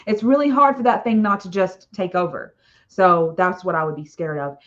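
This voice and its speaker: A woman's voice: mid-range voice, moderate pace, fairly bright tone, dull audio. A woman author hosting a casual live stream, chatting in a rambling way with frequent "okay?" tags and little laughs.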